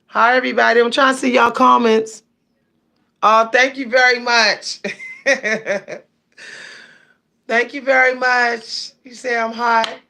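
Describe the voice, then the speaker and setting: A woman's voice: on the high side, flat delivery, moderate pace, vocal fry, bright, forceful tone. A woman with hosting a casual livestream, chatting and reading viewer comments aloud. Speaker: livestream host.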